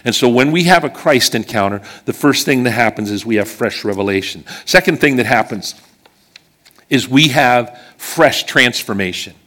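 A man's voice: medium pitch, animated, normal speed, fairly bright tone. A middle-aged man from western Pennsylvania preaching a sermon, telling a personal story in a chatty way and checking in with the congregation as he goes.

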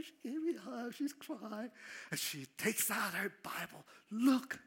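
A middle-aged man, a pastor, telling a personal story in a sermon with laughter and big swings in loudness. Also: sits high, expressive, unhurried, vocal fry, breathy edge.

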